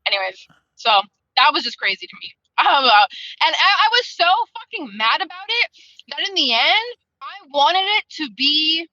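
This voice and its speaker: A woman's voice: sits high, sing-song, moderate pace, sharp tone, no room sound, muffled recording. Heated, swearing woman on a video call. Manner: heated, profane, rambling venting. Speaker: book club member. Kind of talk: casual chat.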